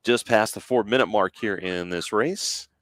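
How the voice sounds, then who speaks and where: Male play-by-play announcer, easygoing with relaxed asides, lower voice, dry close sound. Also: no echo. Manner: easygoing, agreeable, fills with quick asides. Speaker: play-by-play commentator. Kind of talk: sports broadcast commentary.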